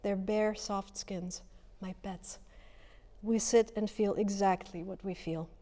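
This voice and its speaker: A woman with a mid-pitched voice reads her poem aloud. She keeps a measured pace and puts strong weight on single words. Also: steady tone, warm tone. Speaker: poet reading her work. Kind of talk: poetry reading.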